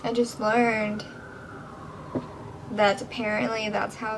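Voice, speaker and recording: A young woman with a fairly high, slightly slow voice rambles through a casual home vlog, poking fun at herself and now and then dropping to a whisper. She's indoors at home, with some background noise.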